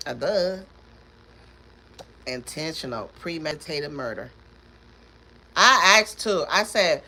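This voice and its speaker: A woman's voice: deep voice, lively intonation, moderate pace, long pauses, bright, forceful tone, a little hiss or hum. Emphatic woman rambling through a live tarot stream. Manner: rambling, emphatic, repeats words, laughs often. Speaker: tarot reader.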